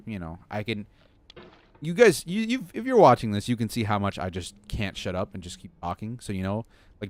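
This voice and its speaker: Rambling young man streaming from his desk. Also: fairly low pitch. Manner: rambling, self-deprecating, talks to chat. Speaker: game streamer. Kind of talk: rambling live-stream chat. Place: home desk.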